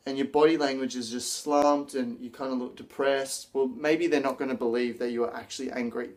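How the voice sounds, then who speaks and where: A man presenting an instructional video on public speaking, energetic and acting out example lines as he explains. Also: medium pitch, brisk, hardly any pauses.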